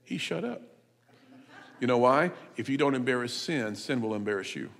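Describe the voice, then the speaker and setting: Booming preacher man in a reverberant church. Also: lively intonation, normal speed, vocal fry. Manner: emphatic, rises to loud shouts. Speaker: visiting preacher. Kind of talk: sermon with storytelling. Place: church sanctuary.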